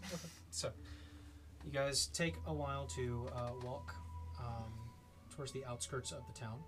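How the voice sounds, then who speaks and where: A woman running a tabletop game as game master, chatty and laughing in quick banter with her players. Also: extremely low pitch, music in the background.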